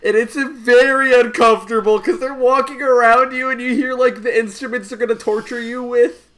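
A man co-hosting a podcast, tossing out deadpan quips and telling offhand stories. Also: very high-pitched, moderate pace. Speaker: podcast co-host. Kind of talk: casual chat.

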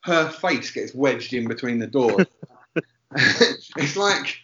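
Bloke rambling thru a funny story, swears a lot, keeps cutting himself off, mid pitch, bit muffled lo-fi sound. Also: male voice, expressive, slow pace, bright, forceful tone. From England, Essex. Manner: rambling, sweary, self-interrupting. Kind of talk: casual comedic storytelling.

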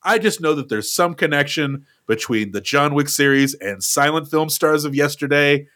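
Bright-voiced wry man recapping. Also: a little high, moderate pace. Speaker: podcast co-host. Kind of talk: casual chat, recapping a film.

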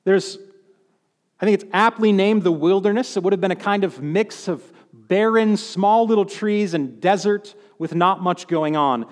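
A male pastor delivers a sermon in a relaxed, conversational way, slipping in jokes and acting out quoted lines. His voice sits fairly high for a man. The sound carries the long reverb of a large hall. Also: normal speed. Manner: conversational preaching with humor and acted-out quotes.

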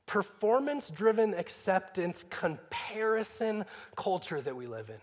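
A man's voice: high-pitched, sing-song, a little slow, in a large hall. A man preaching a sermon in a conversational way, full of rhetorical questions. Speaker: pastor.

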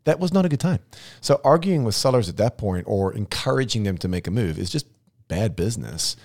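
A man with a very low voice leads a relaxed, rambling conversation. He talks thoughtfully, circling his points and restarting sentences as he goes. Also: a little fast. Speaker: podcast host. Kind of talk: casual interview chat.

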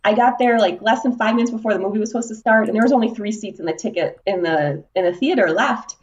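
A woman's voice: mid-range voice, fast talker, lo-fi sound, a little hiss or hum. Female podcast reviewer, chatty and filler-heavy, slightly off-mic. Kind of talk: casual film review chat. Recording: voice a bit far from the mic.

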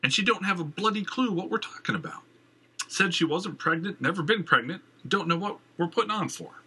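Cast a fussy middle-aged theater owner, high and theatrical, husky and sharp, voiced by a man. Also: fairly quick, full character voice.

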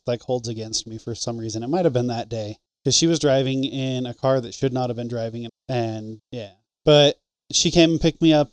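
A man's voice: mid-range voice, a little mellow, clean tone, no echo. A man in casual chat, telling a joking, profane story and quoting people in it. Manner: swearing, joking, quotes people in his stories.

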